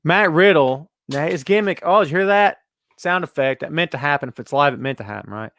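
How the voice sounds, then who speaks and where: A man hosting a casual wrestling talk show, reading out viewer comments with sarcastic, animated commentary. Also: fairly high pitch, fairly quick. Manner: sarcastic, animated, mocking put-on voices. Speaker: podcast host.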